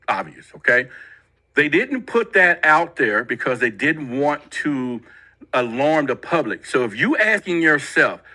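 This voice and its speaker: A man's voice: mid-range voice, bright, forceful tone, rough recording. A man hosting a talk show, chatting casually and directly to his audience, repeating himself as he goes. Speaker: show host.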